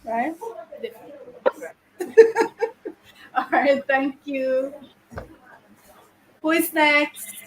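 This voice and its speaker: A woman's voice: high-pitched, steady tone, very slow, long pauses, fairly bright tone, poor audio. A woman teacher, chatting playfully with her pupils in a classroom and teasing them with questions. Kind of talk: casual chat with pupils.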